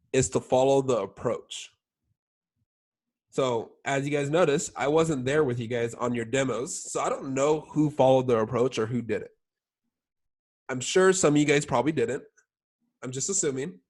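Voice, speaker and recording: A young man coaching his sales team in a casual training talk, full of "like" and "all right?" check-ins. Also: medium pitch. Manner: filler-heavy, keeps checking in with "all right?".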